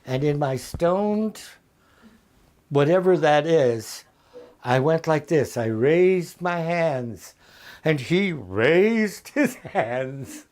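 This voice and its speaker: A man in his eighties, a veteran actor as an interview guest, telling anecdotes in a lively, chuckling way over a video call from his home. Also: fairly high pitch. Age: 80s. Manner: lively raconteur, often chuckling. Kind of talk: anecdotal storytelling.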